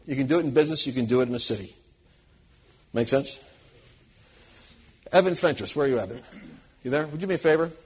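A man preaching to a live audience, telling lively anecdotes, acting out quoted people and chuckling as he goes. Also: mid-range voice, fast, pauses often, slightly rough. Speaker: Christian conference speaker. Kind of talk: storytelling sermon to a live audience.

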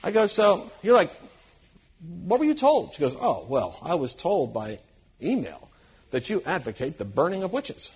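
A man preaching to a live audience, telling lively anecdotes, acting out quoted people and chuckling as he goes. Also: on the high side, normal speed, slightly rough. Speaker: Christian conference speaker. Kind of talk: storytelling sermon to a live audience.

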